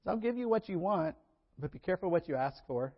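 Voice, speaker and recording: A man's voice: high-pitched, fast talker, highs cut off. A man preaching a sermon in a conversational way, acting out Bible characters and laughing between points. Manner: conversational, acts out Bible characters with lively shifts.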